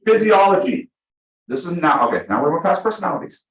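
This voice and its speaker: A man at a mid pitch leads a live training class for agents. He rushes through his points and acts out client stories along the way. His voice swings widely in pitch and rings around an echoey meeting room. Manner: energetic, fast, full of acted-out examples. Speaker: real estate trainer. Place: meeting room with a small audience.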